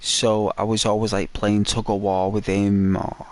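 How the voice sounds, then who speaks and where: A man's voice: on the low side, level tone, a little slow, no echo. A man giving casual, rambling commentary heavy with fillers. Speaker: gaming commentator.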